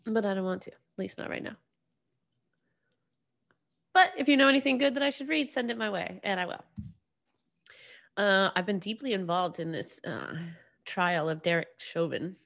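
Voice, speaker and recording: एक युवा महिला होस्ट, जो अकेले बैठकर अपने पॉडकास्ट पर बिखरी-बिखरी बातें करती है, बार-बार वाक्य अधूरे छोड़कर फिर से शुरू करती है और खुद पर ही हँसती है।. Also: female voice, mid-range voice, normal speed, vocal fry, pauses often, a bit bright. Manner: rambling, self-deprecating, many restarts. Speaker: podcast host. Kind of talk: casual solo monologue.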